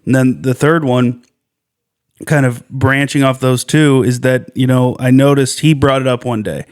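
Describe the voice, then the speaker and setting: A man's voice: mid-range voice, moderate pace, clear, resonant tone. A man co-hosting a podcast, telling reflective stories in casual chat. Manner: reflective, storytelling, quotes others in animated voices. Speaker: podcast co-host.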